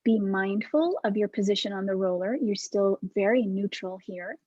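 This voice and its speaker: Woman teaching a movement class over video call: breathy, gentle, unhurried cues. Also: mid-range voice, no room sound, lo-fi sound. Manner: calm, soft-spoken cueing with breathy demonstrations.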